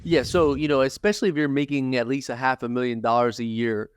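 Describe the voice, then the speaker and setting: A man at a middle pitch lays out tax matters methodically, point by point, as a podcast guest. His voice sits close and dry, with no room around it. He sounds like a seasoned professional. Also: quick pace, clean tone, no room sound. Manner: steady, methodical explainer who lists examples. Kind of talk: podcast interview, explaining.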